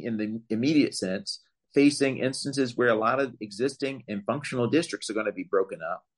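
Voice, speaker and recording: A man giving long, measured answers as a legal expert in an interview, explaining points carefully with some fillers and emphatic rises. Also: mid-range voice. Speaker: voting rights legal expert, guest.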